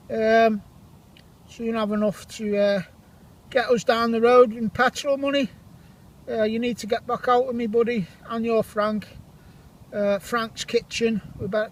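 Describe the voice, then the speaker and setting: Chatty man with a high voice detecting outdoors. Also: poor audio. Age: 40s. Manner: chatty, jokey, gives shout-outs to friends. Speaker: metal detecting vlogger. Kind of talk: casual commentary while detecting outdoors. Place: outdoor field.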